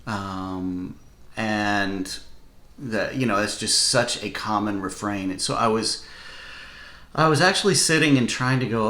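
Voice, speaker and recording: A man co-hosting a casual faith podcast, reflective and growing animated when excited. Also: lowish voice, a little slow. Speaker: podcast co-host who has preached. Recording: roomy echo.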